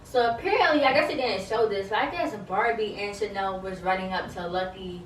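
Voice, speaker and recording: A young woman with a medium-pitched voice recaps a reality show a little fast, chatty and full of slang, often quoting the cast and tossing in confused asides. The mic sits at a distance in an echoey room, with slight background noise.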